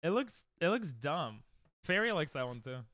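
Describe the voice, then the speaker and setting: A man's voice: a little high, big pitch swings, normal speed, a bit bright, dry recording, studio quality. A young man casually chatting with viewers during a livestream, rambling and self-deprecating, often restarting his sentences. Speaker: streamer. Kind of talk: casual livestream chat while speedrunning.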